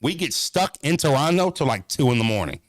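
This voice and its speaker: Animated, profane American storyteller man. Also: medium pitch, a little fast, dry recording, clean studio sound. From United States. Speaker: vlogger. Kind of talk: casual storytelling vlog.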